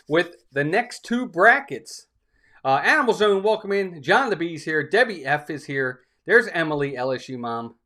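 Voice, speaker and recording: A man's voice: on the high side, a bit bright. A man hosting a live stream in a casual, upbeat way, greeting chat viewers one by one by name.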